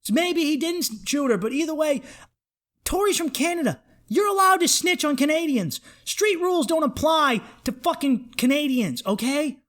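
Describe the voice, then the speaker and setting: A man's voice: very high voice, expressive, normal speed, fairly bright tone. A man hosting a comedy podcast, ranting in a worked-up, profane, emphatic way.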